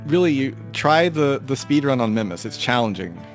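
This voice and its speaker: A man's voice: medium pitch, sing-song, normal speed, faint music behind. A man co-hosting a casual gaming chat, easygoing and a little hesitant as he reads out scores. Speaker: co-host, scorekeeper.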